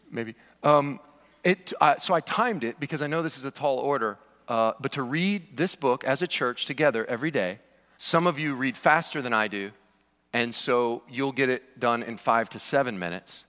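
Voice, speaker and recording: A man's voice: fairly high pitch, bright, forceful tone. A man preaching a sermon to his church in a conversational way, with joking asides. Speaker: pastor. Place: church sanctuary. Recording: long reverb of a large hall.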